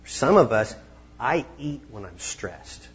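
A man's voice: medium pitch, very animated, measured pace, husky, muffled recording. A man preaching a conversational sermon as pastor, now and then acting out the disciples. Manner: conversational, acts out voices of the disciples.

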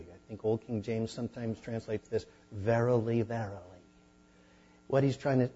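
Pastor guy teaching from the bible, husky voice, kinda muffled lo-fi recording. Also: on the low side. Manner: conversational teaching, rising to animated emphasis. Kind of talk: sermon.

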